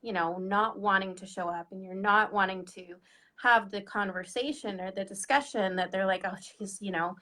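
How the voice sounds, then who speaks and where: A woman co-hosting a casual chat about money, talking in a chatty, animated way and acting out what people say. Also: mid-range voice, normal speed. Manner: chatty, animated, acts out quoted voices. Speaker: money coach, co-host.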